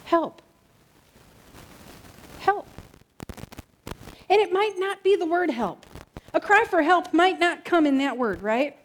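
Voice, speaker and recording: A woman pastor delivers a heartfelt sermon in a church. Her voice sits high, and she leans on repeated words and asks "right?" to pull the room in. On tender lines she slows down and goes quiet. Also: animated, slight background noise. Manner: drops soft and slow on emotional lines.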